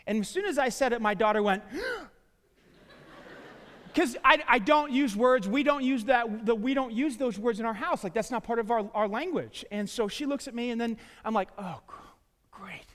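Middle-aged male pastor, high voice, storytelling sermon, joking asides, long hall echo. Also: normal speed. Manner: animated storytelling with self-deprecating asides and restarts. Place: church sanctuary.

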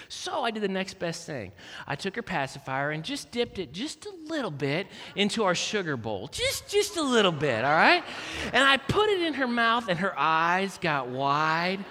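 A man's voice: high-pitched, wildly swooping pitch, normal speed, bright, forceful tone, long reverb tail. A middle-aged man giving a sermon as a guest speaker, telling a story with self-mocking humor and acting out the lines he quotes.

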